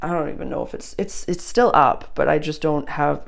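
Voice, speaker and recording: A woman talks casually through an astrology reading, addressing the listener directly. Her voice sits low and carries a gravelly fry. At times she sinks to an intimate whisper. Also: fairly quick. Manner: chatty, speaks straight to the listener, drops to a whisper at times. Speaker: astrology reader.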